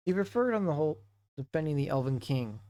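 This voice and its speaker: A man streaming to a book club, reading a novel aloud in a halting way and often correcting himself. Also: fairly high pitch, sing-song, warm tone, no echo. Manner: halting read-aloud with frequent self-corrections.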